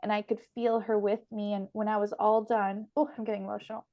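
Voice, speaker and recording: A woman's voice: medium pitch, little pitch movement, fast talker, few pauses, muffled recording. A young woman hosting a casual spiritual podcast conversation, chatty and emotional, laughing often. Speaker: podcast host and medium.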